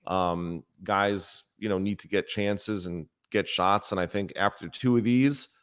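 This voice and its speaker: A man with a deep voice gives blunt opinions on boxing. He repeats himself to make a point. His talk is casual and direct. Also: steady tone, a little slow, fairly bright tone, clean tone. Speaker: boxing podcast co-host. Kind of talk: casual sports chat.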